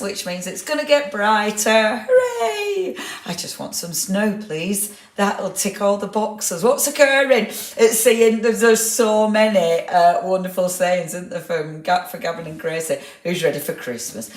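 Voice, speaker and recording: A woman hosting a casual live craft stream, greeting viewers by name and laughing often. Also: fairly low pitch. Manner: chatty, reads out viewer comments, laughs often. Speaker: craft livestream host. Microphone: clip-on microphone. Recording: roomy echo.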